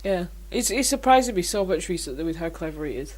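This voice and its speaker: A woman, co-hosting a casual chat podcast and telling animated, laughing stories. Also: fairly low pitch, quick pace. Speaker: podcast co-host.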